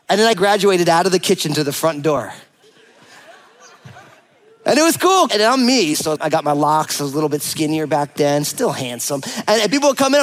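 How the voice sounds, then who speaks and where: Speaking a little high and fairly quickly, a forties-aged pastor recounts a personal story in his sermon. He keeps it funny and lively, playfully acting out the quoted exchanges.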